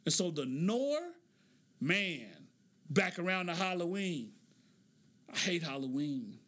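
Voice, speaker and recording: A man giving casual commentary, preachy and animated, stretching words for emphasis and laughing often. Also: a little high, slow.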